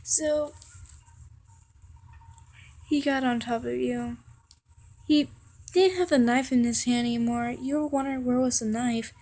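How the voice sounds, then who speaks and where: A young woman reading a second-person fan story aloud in a halting way, with fillers and restarts. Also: fairly high pitch, fairly even intonation, dark tone.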